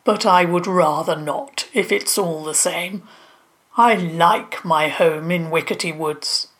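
A wise and modest forest monster speaks gently and with some hesitation, voiced by a woman. The delivery is slow and unhurried. It suits a children's storybook. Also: on the low side. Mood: gentle.

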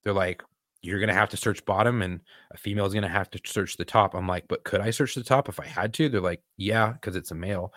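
A man's voice: fairly low pitch, fast, no room sound, clean studio sound. A young man, a police officer and podcast co-host, telling a story in casual chat with lots of swearing and acted-out quotes. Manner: profane, animated retelling with quoted voices.

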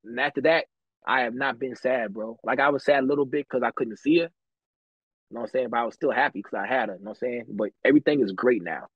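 A man's voice: mid-range voice, fast, husky, no echo, dull audio. A man on a podcast telling stories from his life in casual, slangy, profane talk, laughing often. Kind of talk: casual chat, storytelling.

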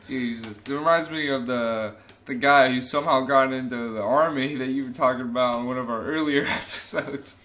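A man's voice: medium pitch, steady tone, moderate pace, bright, forceful tone. A man co-hosting a casual podcast chat, telling jokes and laughing at his own punchlines. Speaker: podcast co-host.

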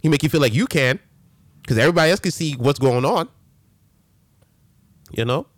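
A man hosting a casual sports rant, animated and full of slang and restarts. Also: fairly high pitch, normal speed, dry recording. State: a little winded. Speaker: sports show host.

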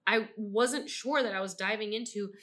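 Bright-voiced woman podcast co-host. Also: mid-range voice, moderate pace. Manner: animated, swears freely, acts out reactions. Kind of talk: casual book-review chat.

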